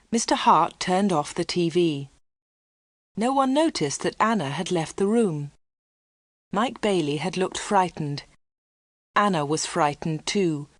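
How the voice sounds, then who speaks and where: Clear woman reading a story. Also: fairly low pitch, no echo, clean studio sound. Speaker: narrator. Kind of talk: scripted storybook narration for learners.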